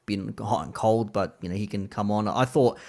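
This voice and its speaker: Man, Australian accent, lower voice, podcast guest, halting, restarts a lot. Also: dark tone. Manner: halting, restarts often while thinking aloud. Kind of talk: casual football podcast chat.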